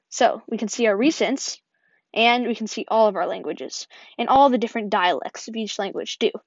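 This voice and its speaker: Tutorial host: woman with a higher voice, upbeat step-by-step walkthrough, dry lo-fi recording. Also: no room sound. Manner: step-by-step, upbeat, often says "perfect". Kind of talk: screen-recording app tutorial voice-over. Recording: dull, dry lo-fi voice-over.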